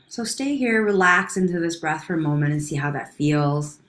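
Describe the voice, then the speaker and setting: A woman leading a guided breathing exercise, counting breaths slowly and calmly, at times softening almost to a whisper. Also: low-pitched, roomy sound. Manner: calm, slow counting of breaths, dropping to near whispers. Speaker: breathing instructor.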